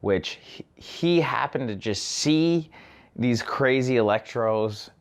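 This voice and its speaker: A man's voice: medium pitch, expressive, slow pace. A man giving a casual film review, ranting about plot holes with exasperated, sarcastic asides. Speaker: movie reviewer.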